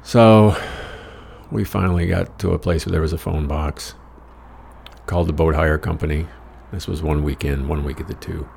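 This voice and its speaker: A man's voice: a bass voice, steady tone, moderate pace, creaky, darkish tone, a little hiss or hum. An American man telling a rambling travel story in a wry, profane, self-mocking way. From United States. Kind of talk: casual personal storytelling.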